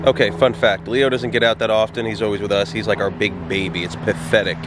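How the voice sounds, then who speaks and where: A man's voice: lowish voice, fairly even intonation, fairly quick, noisy background. A man vlogging at an outdoor dog park, teasing his dog in casual, playful talk. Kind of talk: casual vlog narration.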